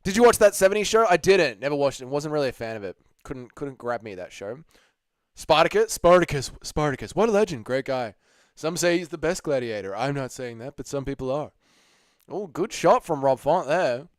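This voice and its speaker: Hungover aussie guy on a stream, chill and sweary, pitch bounces around a lot, dry mic. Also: expressive, brisk, no echo. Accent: Australian. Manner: laid-back, sweary, laughs easily. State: hungover and low energy. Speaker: livestream host. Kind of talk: casual livestream chat reading viewer messages.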